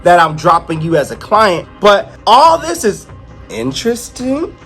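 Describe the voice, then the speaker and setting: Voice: mid-range voice, big pitch swings, a little slow, fairly bright tone, faint music behind. Reviewer doing a blunt, worried male friend. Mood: concerned. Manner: casual, pushy slang.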